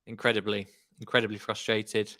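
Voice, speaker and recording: A man's voice: on the low side, brisk. A young man hosting a live football watchalong, giving exasperated fan reactions as the match plays out. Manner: animated, exasperated fan commentary.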